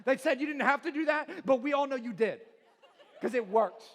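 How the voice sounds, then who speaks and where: Pastor, man, 40s, very high voice; playful crowd-work sermon, heavy hall reverb. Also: expressive, a little fast. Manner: joking, quizzes the crowd, laughs often. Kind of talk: humorous sermon intro. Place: large church auditorium. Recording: long reverb of a church hall.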